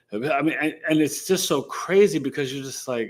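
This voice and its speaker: A man's voice: on the high side, slow. Emphatic New man hosting a stream. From New York City. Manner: animated, emphatic, slangy, boastful. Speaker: astrology show host. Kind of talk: casual live-stream chat.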